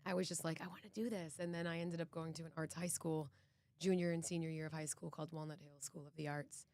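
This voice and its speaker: An earnest, reflective woman from Boston speaks as a podcast guest. Her voice is low and stays fairly level. She often restarts her sentences. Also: level tone, fast talker, a little mellow. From Boston, United States. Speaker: actress and executive producer, guest. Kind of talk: casual podcast interview.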